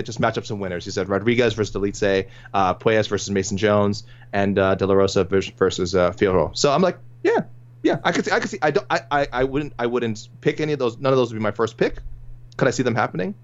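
Over dull lo-fi audio, a man co-hosting a casual sports podcast reads listener picks aloud in a fast, expressive, fairly low voice. He's chatty, chuckles often, and frequently restarts.

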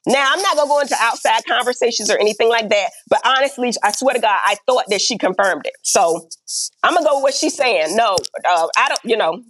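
A woman's voice: on the high side, fast, a little hiss or hum. A middle-aged woman telling stories bluntly in an interview, acting out the dialogue and often asking "right?". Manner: blunt and animated, acts out quoted dialogue, peppers talk with "right?". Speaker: reality TV star and podcast guest. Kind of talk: candid interview storytelling.

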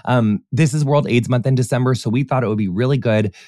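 A man's voice: medium pitch, quick pace, warm tone, no room sound, studio quality. A man hosting a podcast who reads ads and introduces the news in an effusive, campy way, full of "like" and "honey". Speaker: podcast host.

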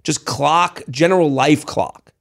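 Podcast co-host, male, thirties, gravelly, fairly high voice, animated and jokey, casual chat. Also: takes it slowly. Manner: animated, jokey, lots of restarts.

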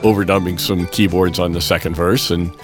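A man telling a personal story in a relaxed podcast conversation, getting animated when he acts out quotes. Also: low voice, a little fast, soft background music. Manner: animated when quoting, relaxed fillers and restarts. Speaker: guest musician telling a story.

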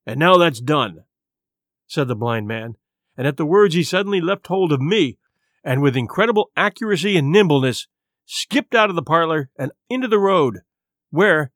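A man narrating a classic adventure story in a dramatic, expressive reading. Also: fairly high pitch, dry recording, clean studio sound. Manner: dramatic, varied pacing. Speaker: audiobook narrator.

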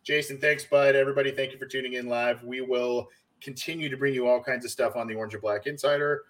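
A man's voice: medium pitch, steady tone, quick pace, fairly bright tone. Chatty male sports podcast host. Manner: conversational, chatty with frequent fillers. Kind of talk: casual sports podcast chat.

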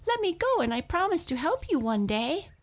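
A woman voicing a tiny, timid male mouse in a high, pleading squeak for a storybook tale. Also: big pitch swings, moderate pace.

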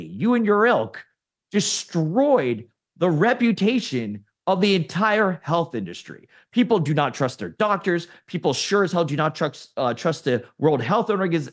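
A man with a high voice and a swooping, lively delivery, chatting as a talk-show guest. He gets animated, laughs readily and stumbles over repeated words as he builds up steam. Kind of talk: casual opinion chat.

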